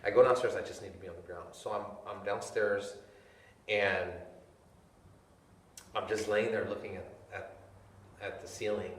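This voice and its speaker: A man's voice: fairly low pitch, fairly even intonation, normal speed, pauses often. A man in a casual interview, animatedly telling a personal story and acting out what others said, laughing often. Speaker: interview guest. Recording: roomy, distant mic, faint background noise.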